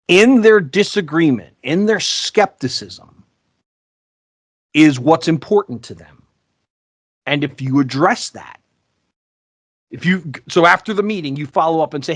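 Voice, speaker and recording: Higher-voiced man telling stories, dry sound. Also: no echo. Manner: animated, acts out quoted voices. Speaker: podcast co-host. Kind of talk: casual storytelling chat.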